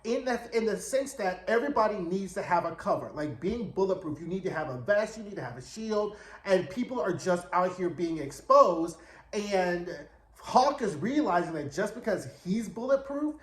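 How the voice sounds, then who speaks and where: A man's voice: high-pitched, lively intonation, normal speed, reverberant. A man giving a sassy, slangy, chatty recap of a TV episode, slipping into quoted voices as he retells scenes. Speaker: TV recap reviewer. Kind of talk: casual recap and commentary.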